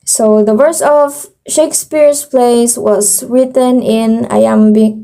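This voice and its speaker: A young woman with a Filipino accent gives a class report, switching between English and Tagalog. She talks slowly and hesitantly, restarting words and filling pauses. Her voice is mellow and sits fairly high, with a slightly strained edge. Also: steady tone. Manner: hesitant, with many fillers and self-corrections.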